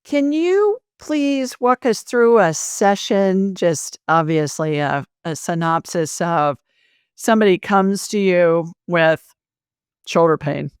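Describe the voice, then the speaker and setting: Low-voiced woman host checking she understands. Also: slow, clean tone, dry recording, clean studio sound. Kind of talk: interview podcast.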